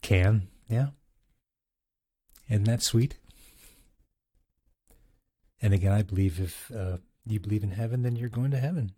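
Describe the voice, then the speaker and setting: Husky man chatting, chuckling often. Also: lowish voice, unhurried, pauses often, dark tone, dry recording. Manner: chuckles often, restarts sentences. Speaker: host reviewing recorded audio clips. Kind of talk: casual chatty commentary.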